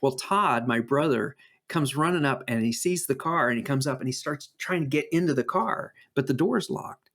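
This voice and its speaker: A man co-hosting a podcast who tells stories in a casual, animated way, with frequent fillers and restarts. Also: mid-range voice, moderate pace. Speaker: podcast co-host. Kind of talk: casual chat and storytelling.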